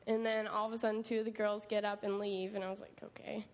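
A young woman, a camp counselor, giving an animated personal testimony full of quoted asides. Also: medium pitch, quick pace. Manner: animated storytelling with many likes and quoted asides. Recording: echoey hall with faint ambient noise.

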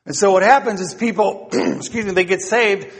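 A man's voice: high voice, moderate pace, gravelly, breathy edge, in a large hall. A middle-aged male pastor preaching a sermon, earnest and exhorting, often asking the congregation questions.

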